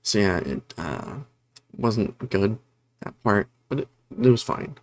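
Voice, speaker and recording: A man's voice: lowish voice, lively intonation, slow pace. A man casually reviewing a horror movie, rambling with many fillers and retelling scenes with energy.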